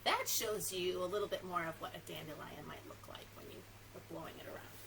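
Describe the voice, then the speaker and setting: A woman children's librarian at story time, talking to young children in an animated, sing-song way and reading a picture book aloud. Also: lowish voice, a little fast, vocal fry. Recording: distant mic with faint background noise.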